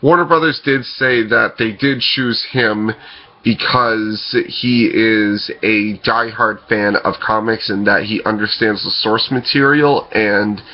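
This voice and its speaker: A man hosting casual film news commentary, rambling and hesitant, often pausing on fillers and correcting himself. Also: lowish voice, dull audio. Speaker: podcast host.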